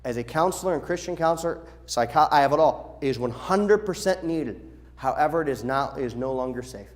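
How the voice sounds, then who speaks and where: A middle-aged pastor speaks to his congregation in a slightly raised, lively voice. He instructs the children's workers with energy, slipping into quoted voices as he goes. The talk comes from a church service. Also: on the high side, fairly quick. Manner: animated, acts out quoted voices. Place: church sanctuary.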